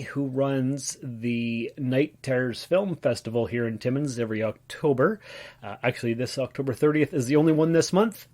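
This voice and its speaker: A man talks into a podcast mic, rambling through a solo episode at a middle pitch. He fills his pauses with "uh" and often corrects himself mid-sentence. The tone is loose and unscripted. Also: a little mellow. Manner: rambling, with many "uh" fillers and self-corrections. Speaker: podcast host. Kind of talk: casual solo podcast talk.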